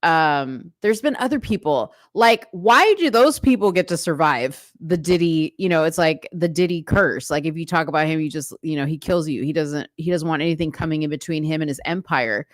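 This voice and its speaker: A woman's voice: low voice, normal speed, few pauses, dry recording. A woman hosting a livestream, reading news stories aloud and chatting to her viewers with lots of fillers. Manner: chatty, many fillers, talks straight to viewers. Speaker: livestream host. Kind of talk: reading news aloud and commenting to live chat.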